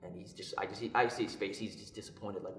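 A young man telling a personal story in a casual podcast chat, lively and acting out what others said. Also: on the low side, quick pace. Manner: animated, acts out quoted voices. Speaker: podcast co-host. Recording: echoey room.

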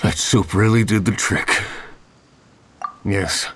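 An actor playing a weary man recovering from the cold in a video game, speaking in a slow, tired, earnest way. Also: on the low side, fairly even intonation, fairly bright tone, husky, full character voice.

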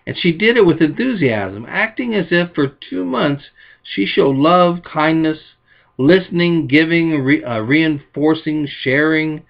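A man's voice: lively intonation, measured pace, gravelly, lo-fi sound. A male pastor preaching a sermon, telling illustrative stories in a folksy way and lifting his voice for quoted lines. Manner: folksy storytelling, voices quotes with rising pitch.

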